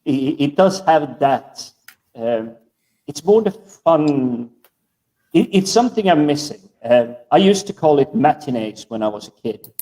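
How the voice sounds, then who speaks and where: A man talks in a casual podcast chat with a dark, mellow voice, rambling and often repeating words as he searches for names. He sits well back from his online call mic, so his voice sounds distant. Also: a little high, animated, a little slow.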